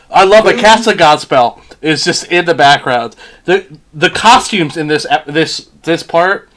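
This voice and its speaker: A man's voice: on the high side, fairly bright tone, slight background noise. A man chatting casually while watching a movie with a friend on stream, swearing a lot as he rants in exasperation. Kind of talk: casual watch-along chat. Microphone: headset or desk mic with earphones.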